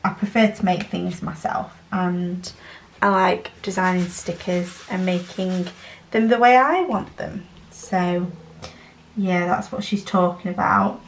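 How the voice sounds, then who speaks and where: A woman's voice: lowish voice, steady tone, unhurried, echoey room, slight background noise, low-quality recording. A young woman with a Yorkshire accent, chatting casually and rambling with lots of fillers while she works on a craft project for her channel. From Northern England. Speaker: diamond painting channel host.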